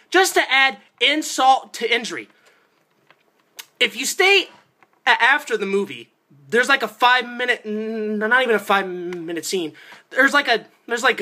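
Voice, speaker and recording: A young man at home, filmed on a handheld phone camera, ranting and swearing about a movie he hated, with yelled outbursts. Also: very high voice. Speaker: movie reviewer. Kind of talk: angry movie-review rant.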